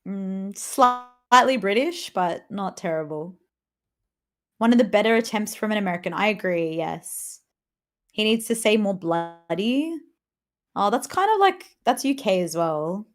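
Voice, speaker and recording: A woman's voice: medium pitch, expressive, unhurried. Chatty woman streamer who laughs a lot. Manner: chatty, laughs often, greets chat viewers. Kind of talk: casual live-stream chat while gaming.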